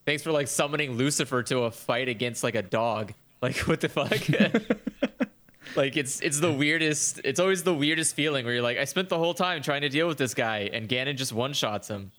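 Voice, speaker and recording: A man's voice: medium pitch, a little fast. A man in casual conversation about video games, swearing freely and acting out characters' lines. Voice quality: animated, profane, acts out characters in quotes.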